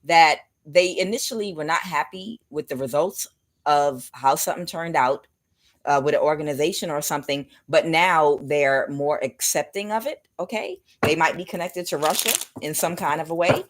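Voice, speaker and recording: A woman's voice: low voice, moderate pace. A woman giving a casual spiritual tarot reading, rambling and speculative, talking straight to her viewers. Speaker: tarot reader.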